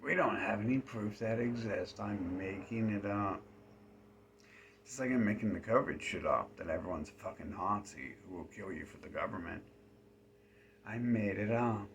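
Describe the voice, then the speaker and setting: A man talking to camera in a rambling, profane solo monologue, now and then dropping into hushed asides. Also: lowish voice, normal speed, gravelly, a little hiss or hum.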